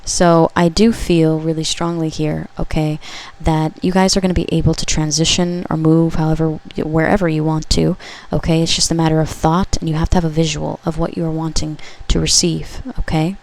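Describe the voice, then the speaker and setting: A woman with a slightly low voice talks viewers through a pick-a-card tarot reading. Her delivery is relaxed and chatty, with frequent "okay?" check-ins and quick self-corrections. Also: vocal fry. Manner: conversational, frequent checks like "okay?", corrects herself mid-sentence. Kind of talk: pick-a-card collective reading, casual spoken.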